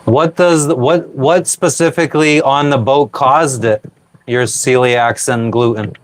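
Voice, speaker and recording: A man's voice: mid-range voice, steady tone, measured pace, no echo. Casual, profane man chatting on a boat. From Pennsylvania, US. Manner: loose and profane, answering viewers. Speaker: sailing vlogger reading live chat. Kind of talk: casual live-stream chat. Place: small boat cabin while cooking.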